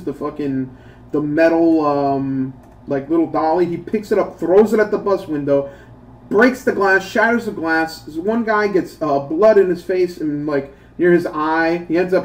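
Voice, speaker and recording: A man talks casually while playing a mobile game, ranting with lots of swearing and breaking into laughter. His voice sits a bit high for a man. He is some distance from the microphone. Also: a little hiss or hum. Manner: profane, animated rant with bursts of laughter. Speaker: gaming YouTuber.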